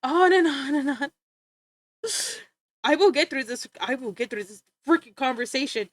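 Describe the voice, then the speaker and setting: A woman's voice: high voice, normal speed, no room sound, studio quality. A young woman streaming, chatting casually and rambling, easily sidetracked and giggling as she talks to her chat and friends.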